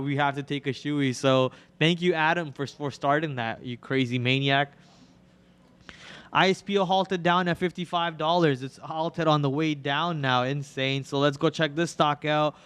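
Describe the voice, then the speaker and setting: A man's voice: on the high side, fairly even intonation, moderate pace, a bit bright, smooth. A young man hosting a stock trading livestream, talking in loose, rambling casual commentary with lots of fillers. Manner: rambling, chatty, filler-heavy. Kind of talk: casual live market commentary.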